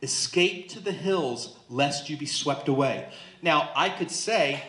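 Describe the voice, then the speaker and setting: A man's voice: fairly high pitch, animated, slow pace, bright, forceful tone. A man leading a Bible study in a church, teaching emphatically and often checking in with listeners. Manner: emphatic, asks listeners questions. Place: church room. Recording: roomy echo.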